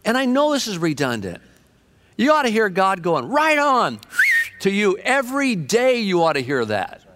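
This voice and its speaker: A man preaching a sermon with fervent energy, telling stories and shifting between quick and drawn-out phrases. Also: high-pitched, huge pitch swings, background noise.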